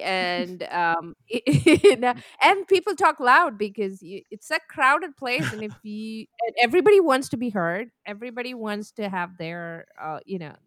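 Animated woman from India on a podcast. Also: mid-range voice, no echo. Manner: animated, emphatic, laughs often. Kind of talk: casual podcast chat.

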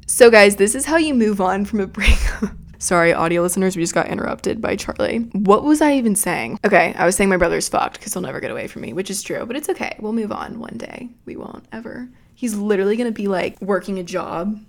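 Young woman rambling on her podcast from home, cussing and laughing at herself, pitch right in the middle. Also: animated, fairly quick. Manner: rambling, profane, self-mocking. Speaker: podcast host. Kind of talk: casual storytelling.

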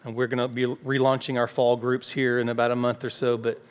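Brisk and flat in delivery, this mid-range male voice belongs to a pastor giving a conversational sermon. He voices everyday exchanges as quotes, and the sanctuary's long reverb blends with faint background music.

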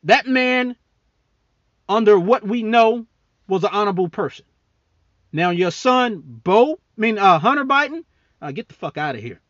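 Man, podcast host, angry political rant, profane, mocking, high voice, bright forceful tone, dry dull lo-fi sound. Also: big pitch swings, moderate pace, pauses often, dry recording. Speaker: military service member.

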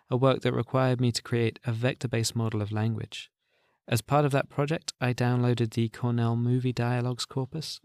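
Male podcast host, gravelly, dry close recording, calm explanatory read. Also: medium pitch, dry recording. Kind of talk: scripted introduction.

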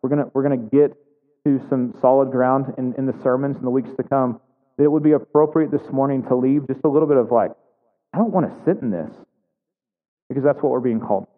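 A man's voice: medium pitch, fairly even intonation, fast. A man preaching a sermon as a pastor, telling a story casually and conversationally with humor. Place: church sanctuary. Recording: phone-like sound in a large reverberant hall.

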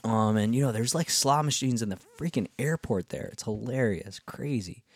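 A man's voice: mid-range voice, moderate pace. A man telling a travel story in a casual, rambling way, full of fillers and cheerful swearing. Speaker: travel vlogger.

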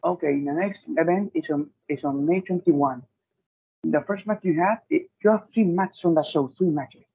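Male interviewer, higher-pitched and husky, reads listings in brief prompts; tinny phone-like sound. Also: moderate pace. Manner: brief prompts, lists dates and matches. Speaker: interview host. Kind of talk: interview questions, reading match listings.

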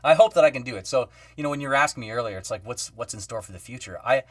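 A man talks in an easy, chatty way, jumping into the voices of the people in his stories. His voice sits at an ordinary middle pitch. The sound is dry, with no room echo, but he seems set back a little from the microphone. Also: racing, recorded from a distance. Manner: animated storyteller, acts out quoted voices, many fillers. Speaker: guest musician. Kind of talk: casual podcast storytelling.

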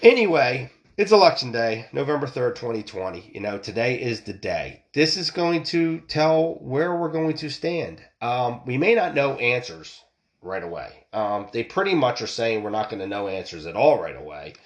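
A man's voice: mid-range voice, big pitch swings, moderate pace. A middle-aged man ranting and telling a story bluntly, swearing often and restarting his sentences. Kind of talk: profane ranting monologue.

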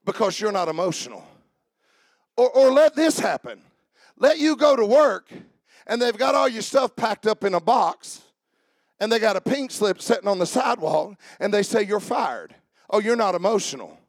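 A man preaching a sermon as pastor, building up to shouting and dropping into mock-calm voices for jokes. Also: high-pitched, normal speed, no echo.

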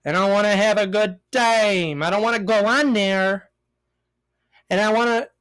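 A young man hosting a casual solo podcast, ranting in a profane, rambling way with big swings in pitch and loudness. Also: moderate pace, smooth. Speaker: podcast host.

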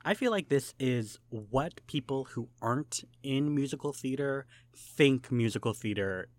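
A man's voice: mid-range voice, unhurried. Playful man co-hosting a comedy podcast. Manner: playful, jokey, mock-formal, bursts of loud excitement. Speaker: podcast co-host. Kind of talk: casual comedic podcast chat.

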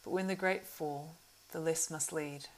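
A woman voicing a grave, weary male ranger leader in an audiobook reading, solemn and measured. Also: deep voice, steady tone, slight background noise.

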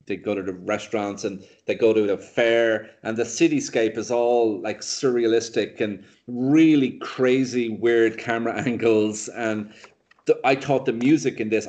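A man co-hosting a casual film podcast, retelling a movie's plot in a rambling, animated way with lots of fillers and restarts. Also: fairly low pitch. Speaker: podcast co-host reviewing films. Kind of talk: casual chat.

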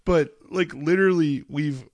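Man, thirties, podcast host, profane storyteller, slightly high voice. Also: moderate pace, darkish tone, no echo. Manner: profane, storytelling, laughing often. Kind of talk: casual chat.

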